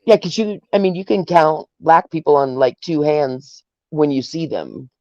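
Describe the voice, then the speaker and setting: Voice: medium pitch, expressive, moderate pace, mellow, no room sound, lo-fi sound. A co-host in casual chat, teasing bluntly and calling out patterns.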